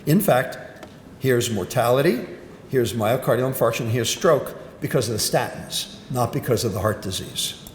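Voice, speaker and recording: Speaking at normal speed with lively intonation, an older male doctor delivers a punchy, emphatic grand rounds talk, often asking and then answering his own questions. The lecture-hall recording has roomy echo and a faint rumble.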